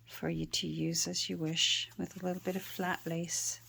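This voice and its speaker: Soft-spoken woman showing handmade journals. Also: on the low side, level tone, normal speed, vocal fry, a little hiss or hum. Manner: gentle, meandering, frequent ums and uhs. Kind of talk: casual show-and-tell narration.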